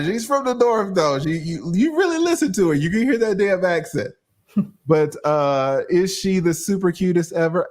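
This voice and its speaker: Male stream host, slightly high voice, loose profane chatter. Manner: animated, profane, reads out chat shout-outs. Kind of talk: casual livestream commentary.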